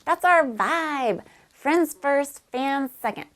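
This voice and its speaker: A woman's voice: sits high, expressive, slow, a bit bright. Breezy woman in her thirties hosting music news. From Nashville, USA. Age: 30s. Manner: breezy and upbeat, slangy. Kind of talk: scripted news hosting with casual asides.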